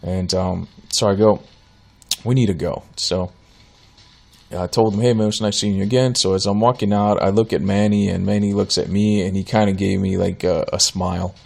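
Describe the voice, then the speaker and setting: Male podcast host, thirties, lowish voice, loose rambling storyteller. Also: fairly even intonation, normal speed, creaky, darkish tone. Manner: rambling, casual, many fillers and restarts.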